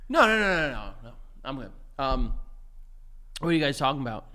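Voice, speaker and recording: Man putting on a drunk jealous husband, muttered low and menacing, improvised comedy bit. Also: very animated, fairly quick, sharp tone. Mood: casual tipsy.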